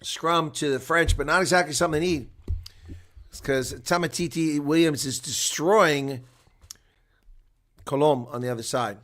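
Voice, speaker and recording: A man giving live rugby play-by-play commentary, moving from relaxed asides to excited calls. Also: on the high side, moderate pace, long pauses. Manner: swings from quiet asides to loud excited calls; chuckles and chats with viewers between plays.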